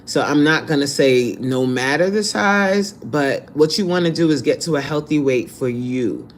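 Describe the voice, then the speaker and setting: A man's voice: fairly high pitch, normal speed, a little hiss or hum. A man fitness coach on a live stream who reads out viewer comments in a blunt, sassy, scolding way.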